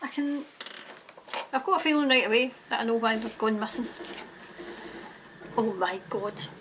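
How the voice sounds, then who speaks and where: A woman's voice: a little high, brisk, noisy background. A woman giving a tarot reading to camera, talking emphatically and indignantly and slipping into rants. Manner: emphatic, indignant, prone to ranting. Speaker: tarot reader.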